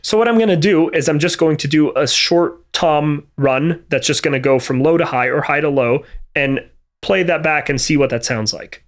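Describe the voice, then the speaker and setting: A man's voice: on the high side, moderate pace. A man teaching MIDI drum programming in a methodical, think-aloud way, with frequent fillers and restarts. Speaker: music production instructor. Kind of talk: screen-recorded tutorial. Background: drum and music playback between remarks.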